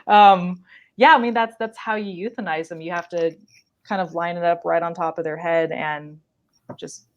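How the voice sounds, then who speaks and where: A young woman, a wildlife biologist guest, telling an animated story in a casual podcast chat, with lots of "like" and quick laughs. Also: fairly low pitch, lo-fi sound.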